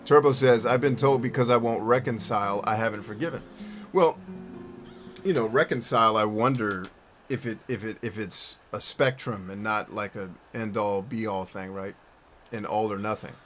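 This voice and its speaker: A man's voice: fairly low pitch, normal speed, a bit bright, soft background music. Blunt, profane male streamer chatting. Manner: blunt, profane, rambling with restarts. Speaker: streamer answering chat. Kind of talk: casual chat while gaming.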